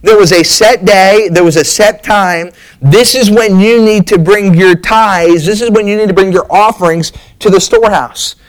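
Folksy preacher man, higher voice. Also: normal speed, poor audio. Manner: folksy, storytelling, frequent fillers and restarts. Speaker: pastor. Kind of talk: sermon.

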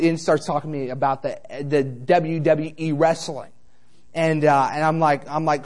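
A man's voice: on the high side, expressive, fairly quick. A man preaching a sermon, telling a joking story in a casual, conversational way before turning to fervent exhortation.

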